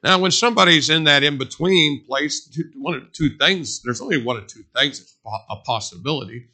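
Bright-voiced male preacher, conversational and emphatic. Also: on the high side, moderate pace. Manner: conversational storytelling with emphatic repetition. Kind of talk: sermon.

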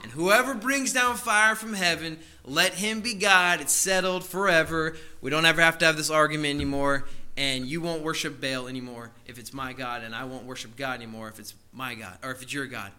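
A man's voice: on the high side, fairly quick, bright, forceful tone. A man preaching who acts out a bold, cocky male prophet in a brash, taunting way. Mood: challenging. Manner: taunting, brash and sure of himself.

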